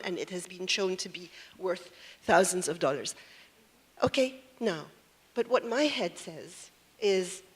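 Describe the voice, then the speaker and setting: A woman's voice: medium pitch, slightly rough. A woman speaking as a panelist in a panel discussion, thinking aloud and posing questions. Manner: reflective, poses questions.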